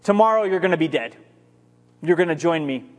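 A man voicing the ghost of a stern old male prophet, reading his words slowly and gravely in a reverberant hall. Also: on the high side, expressive, pitched below the performer's own voice, close to an everyday voice. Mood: grim. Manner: slow, grave and reproachful.

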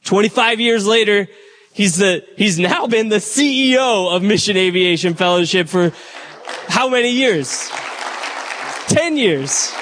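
A man's voice: high voice, unhurried, a bit bright, slight background noise. A man, the church's pastor, chatting to the congregation as he introduces a guest speaker. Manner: conversational, addresses the crowd directly.

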